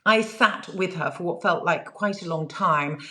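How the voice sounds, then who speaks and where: A woman with a somewhat low voice tells a personal story as an interview guest. She sounds earnest and reflective, and her talk is loose and conversational, full of "you know" and small restarts. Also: a little slow, pushed and bright. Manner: earnest, reflective, frequent fillers.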